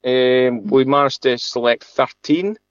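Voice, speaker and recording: A man's voice: mid-range voice, smooth, no echo, lo-fi sound. A man, a sheep farmer being interviewed, telling a long story casually with many restarts and laughs. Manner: chatty, halting, laughs often, many restarts.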